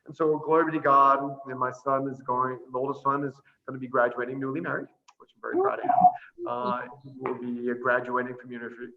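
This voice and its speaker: A middle-aged man, a priest, talks casually over a video call. His voice is gravelly and bright, and he is chatty and quick to laugh. He slows right down when he spells out sounds, and the audio comes through dull and lo-fi. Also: mid-range voice. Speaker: priest and missionary guest.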